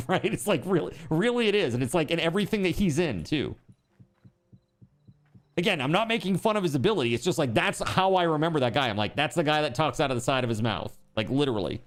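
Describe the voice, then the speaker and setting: A man's voice: a little high, expressive, fast talker. A man streaming live, chatting casually, rambling and joking, with swearing.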